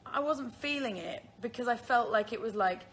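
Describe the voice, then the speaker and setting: On a casual phone livestream, a woman in her twenties from the Isle of Man, with a British accent, responds to viewer questions and laughs at herself often. Her voice is on the high side and moves at a moderate pace, with a little hiss or hum.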